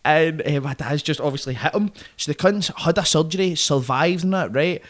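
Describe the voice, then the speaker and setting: A young Glaswegian man with a fairly high voice spins rough street stories as a podcast guest. He swears freely and checks in with his listener every few words, loose and conversational throughout. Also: normal speed. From Scotland. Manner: profane, vivid storyteller, constant "right?" and "mate". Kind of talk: casual storytelling chat.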